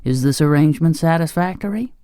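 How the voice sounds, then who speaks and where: A man's voice: fairly high pitch, fast, dark tone, clean tone, no echo, clean studio sound, lightly acted. A man voicing a fussy, lofty straw-stuffed king in an audiobook. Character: pompous but kindly straw-stuffed king. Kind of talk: audiobook character voice.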